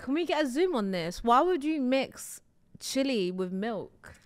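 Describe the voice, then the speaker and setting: A woman guest in a casual chat, animated and protesting with lots of laughter. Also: sits high, measured pace.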